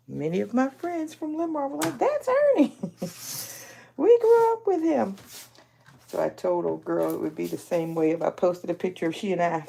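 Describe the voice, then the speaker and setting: A woman's voice: lowish voice, gravelly, warm tone. A woman, hosting a casual live stream, telling folksy stories and acting out other people's lines while she crafts. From Aliquippa, Pennsylvania. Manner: chatty storyteller who acts out other people's lines; folksy, calls listeners honey.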